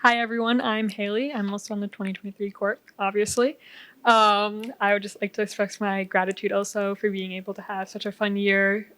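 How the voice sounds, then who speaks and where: A young woman giving a calm, matter-of-fact thank-you speech. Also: mid-range voice, a little fast, slight background noise. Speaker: outgoing court member giving a farewell speech.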